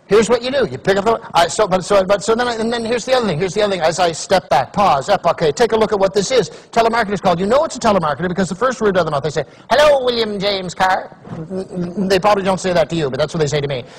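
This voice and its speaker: Animated, high-voiced male speaker. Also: rapid-fire, few pauses, slightly rough. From Canada. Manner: animated storytelling, acts out voices. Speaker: motivational speaker. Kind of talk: humorous keynote talk.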